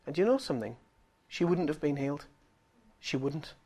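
Animated man preaching a story. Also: on the high side, brisk, breathy edge. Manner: animated, swings from hushed to loud exclaiming. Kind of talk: storytelling sermon.

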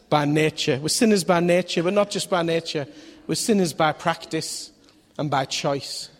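Preaching at a moderate pace, a man with a slightly high voice keeps his sermon conversational, putting questions to the listeners and acting out voices in his stories. The sound has a long hall reverb.

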